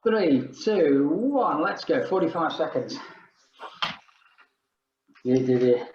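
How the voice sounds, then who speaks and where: A man's voice: a little high, animated, takes it slowly, echoey room, lo-fi sound, noisy background. An older man leading an exercise class, chatting and joking between rounds while he counts down the reps. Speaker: fitness instructor.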